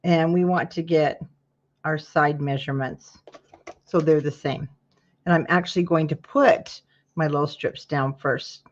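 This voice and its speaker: A woman's voice: sits low, fairly even intonation, a little slow, muffled recording, slight background noise. A woman hosting a casual craft tutorial, talking viewers through measuring and cutting while greeting them by name. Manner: chatty, greets viewers by name mid-task.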